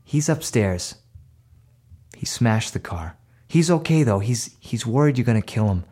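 A man's voice: mid-range voice, animated, a little slow, mellow, breathy edge. A man voicing a firm but loving mother of two boys in a told story, speaking in a matter-of-fact way. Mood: gentle.

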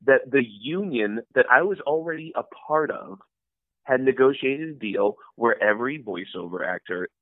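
A man who works as a voice actor and impressionist, telling stories in a casual interview and acting out quotes with big jumps in pitch. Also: expressive, moderate pace, dry recording. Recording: tinny phone-like line, dry.

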